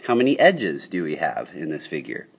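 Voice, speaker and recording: A man's voice: extremely low pitch, huge pitch swings, normal speed, creaky, slightly rough. A young man teaching a geometry lesson on video, upbeat and checking in with his students often. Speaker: high school geometry teacher.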